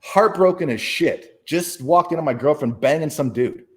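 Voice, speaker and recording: As a guest speaker and author being interviewed, this man recounts a personal story loosely and emphatically, with swearing and frequent restarts. He sounds animated, with a voice on the high side, at normal speed.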